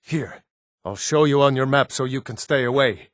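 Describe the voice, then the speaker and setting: An actor voicing assorted gruff adult Nord men in a fantasy video game, blunt and plain-spoken. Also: male voice, medium pitch, normal speed, no echo, clean studio sound, natural voice. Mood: pleading. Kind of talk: game voice lines.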